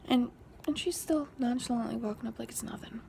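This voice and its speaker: Half-whispering much of the time, a young woman vlogger tells a casual story, her hushed retelling rising whenever she quotes an argument. Her voice is a little high, a little fast and gravelly with fry, with slight background noise present.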